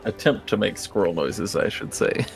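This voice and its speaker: A man's voice: lowish voice, moderate pace, creaky, soft background music. A man playing in a tabletop game, offhand and playful as he announces his moves. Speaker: player. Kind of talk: casual tabletop play.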